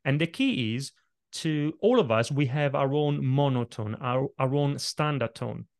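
A man's voice: mid-range voice, lively intonation, unhurried, creaky. Man coaching on presentation delivery. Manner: demonstrates vocal techniques while explaining. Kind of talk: explanatory interview talk.

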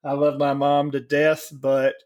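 Slow-talking man in his forties. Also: fairly high pitch, completely flat delivery, darkish tone. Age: 40s. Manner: slow, joking, profane, with halting restarts. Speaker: podcast co-host. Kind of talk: casual chat.

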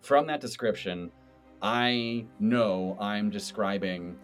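Low-voiced man, animated podcast host. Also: moderate pace, faint music behind. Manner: animated, explains by demonstrating voices. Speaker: game master and podcast host. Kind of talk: casual podcast chat.

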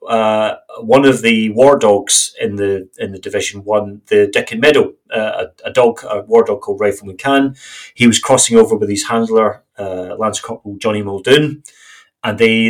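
A man's voice: fairly low pitch, moderate pace. A man in his forties co-hosting a podcast, talking in a rambling, conversational way. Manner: rambling and conversational, with frequent fillers. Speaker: podcast co-host. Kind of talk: casual chat.

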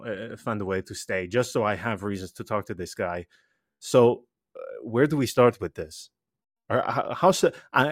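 A man's voice: lowish voice, no room sound, studio quality. A man co-hosting a casual podcast, rambling through asides and restarts with emphatic energy. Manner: animated and emphatic. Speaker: podcast co-host.

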